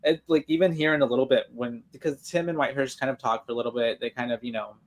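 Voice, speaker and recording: Podcast co-host, man, mid-pitched voice, loose rambling recap full of fillers. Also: steady tone, fast talker. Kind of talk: casual chat.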